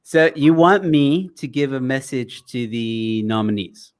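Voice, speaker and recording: A man with a South African accent hosting a live show over a video call, easygoing and quick to laugh. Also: medium pitch. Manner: laughs often, relaxed and easygoing. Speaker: show host. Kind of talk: casual live-stream chat.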